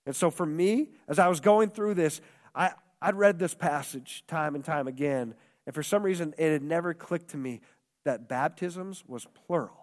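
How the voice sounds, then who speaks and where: A man's voice: fairly high pitch, normal speed. A man preaching a sermon as pastor, impassioned and repetitive, acting out quoted voices. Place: church hall. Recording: long hall reverb.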